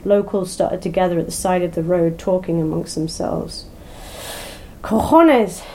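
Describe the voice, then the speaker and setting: A woman narrating a crime story in an even, measured storytelling manner. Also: fairly low pitch, a little hiss or hum, low-quality recording. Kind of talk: audiobook narration.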